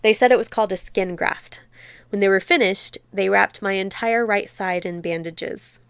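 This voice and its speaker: Female teacher reading a memoir aloud. Smooth, clear voice, dry close sound, measured and expressive delivery. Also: mid-range voice, no echo.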